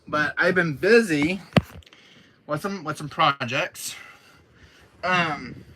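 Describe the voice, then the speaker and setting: A man's voice: on the high side, bright, forceful tone, a little hiss or hum. A young man chatting casually on a live stream, rambling with lots of fillers and restarts. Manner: rambling, many fillers and restarts, laughs often.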